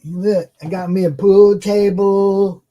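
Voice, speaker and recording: A woman's voice: mid-range voice, steady tone, takes it slowly, warm tone, natural voice. A woman playing a lazy male slacker who lives in a basement, drawling along in a laid-back way. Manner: laid-back, drawling, calls people bro and man. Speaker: co-host. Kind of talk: comedy sketch show.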